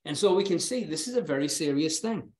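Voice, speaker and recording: A man's voice: a little high, animated, fairly quick, darkish tone. A male preacher delivering a sermon in an earnest, emphatic way, often repeating words as he stresses a point.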